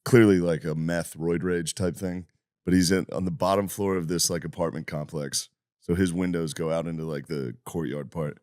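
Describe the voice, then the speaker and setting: A man's voice: low voice, steady tone, normal speed, darkish tone, smooth, no echo, studio quality. A man co-hosting a podcast in casual chat, who swears freely and laughs while describing videos.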